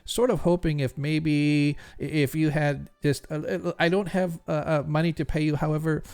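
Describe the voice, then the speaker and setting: A man's voice: fairly high pitch, level tone, moderate pace, darkish tone, clean tone, voice pushed up, close to an everyday voice. A man doing a stammering nervous jeweler. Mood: worried. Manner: stammering, hesitant, worried. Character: nervous middle-aged male human jeweler.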